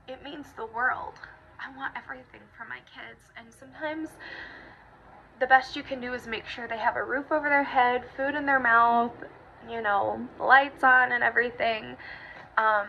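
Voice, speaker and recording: A young woman chats to her viewers in a bright, slightly gravelly voice that sits a little high. She gushes and gets teary, with lots of fillers. The audio is dull and lo-fi, with a faint hiss behind her. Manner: emotional, gushing, many fillers. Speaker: vlogger. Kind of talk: casual personal update to camera.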